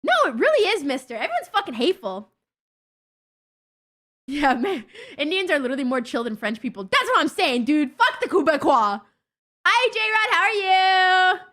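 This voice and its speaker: Young woman streamer swearing nonstop, high bright voice, bouncy and all over the place. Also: moderate pace. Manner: profane, blunt, excitable. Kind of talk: casual livestream chat with viewers.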